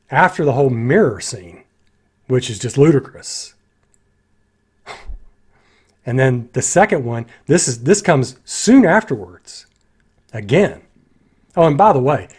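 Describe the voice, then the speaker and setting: Animated man picking apart a film. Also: mid-range voice, a little slow, breathy edge. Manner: animated, critical, acts out lines in voices. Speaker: movie reviewer. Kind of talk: casual spoken film critique.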